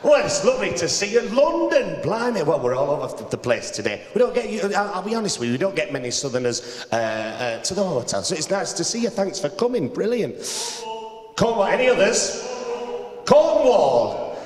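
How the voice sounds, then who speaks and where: A man's voice: high-pitched, big pitch swings, normal speed. Cheeky Yorkshire man working a crowd. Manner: cheeky, chatty crowd work. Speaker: cabaret comedian and singer. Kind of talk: stand-up banter with the audience. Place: hotel cabaret room on stage. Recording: roomy hall reverb.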